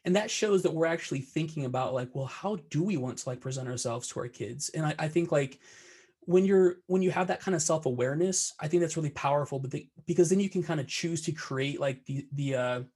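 A man's voice: on the high side, fairly quick, a little mellow, husky. A young adult man chatting thoughtfully on a podcast, filling his sentences with "like". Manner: thoughtful, filler-heavy. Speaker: podcast co-host. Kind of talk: casual podcast chat.

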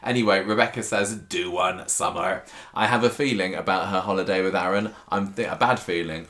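Low-voiced man co-hosting a casual podcast, chatty and rambling. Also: steady tone, brisk, hardly any pauses, a bit bright. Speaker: podcast co-host. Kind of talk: casual chat, reading listener feedback.

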